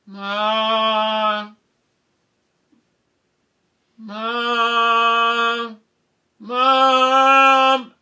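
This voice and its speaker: A man voicing a panicked young boy who pleads in a high, wailing voice. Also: level tone, normal speed, hardly any pauses, sharp tone, full character voice. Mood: whining.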